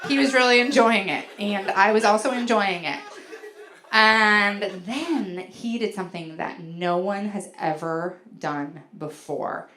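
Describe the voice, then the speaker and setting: A woman's voice: medium pitch, a little slow, background noise. A woman comedian doing a bawdy stand-up set on a club stage, storytelling with lots of "like" fillers. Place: comedy club stage before a laughing audience.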